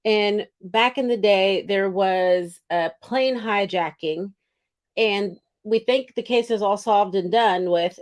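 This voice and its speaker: A woman co-hosting a movie review podcast, chatting casually and trading quick remarks with her partner. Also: mid-range voice. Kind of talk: casual chat.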